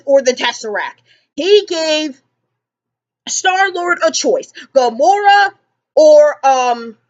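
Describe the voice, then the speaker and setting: A young woman vlogger ranting casually about a movie, animated and exasperated, with dramatic pauses. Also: high-pitched. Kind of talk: casual movie reaction rant. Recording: slightly dull lo-fi sound.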